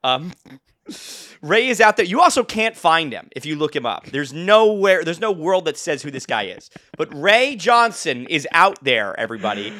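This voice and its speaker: A young podcast co-host with a bright, ringing voice and a slightly high pitch, telling a long story in loose, casual chat. He laughs often and keeps starting his sentences over. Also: sing-song, normal speed. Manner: rambling, laughs often, many restarts.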